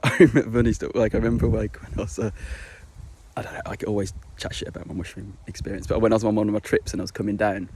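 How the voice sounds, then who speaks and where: A man's voice: on the low side, a little mellow, slightly rough. A young man chatting casually to camera, rambling and swearing, full of fillers and restarts. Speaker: vlogger.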